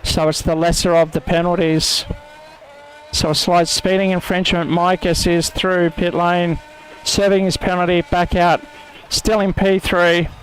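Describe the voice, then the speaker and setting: A man's voice: high voice, little pitch movement, a little slow, slight background noise, low-quality recording. A man commentating an online sim racing event, calling corners and penalties and mocking his own attempts at an Italian accent. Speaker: race commentator.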